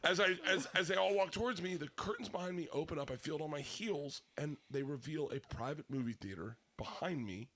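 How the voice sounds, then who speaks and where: A man telling a long story on a podcast, profane and animated, swinging between loud excited bursts and low hushed asides. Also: a little fast, few pauses. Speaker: comedian guest telling a story.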